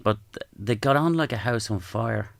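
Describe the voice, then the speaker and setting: An Irish man telling stories as a podcast guest, gentle and halting, with frequent restarts. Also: lowish voice, gravelly, no room sound, clean studio sound. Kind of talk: reflective storytelling.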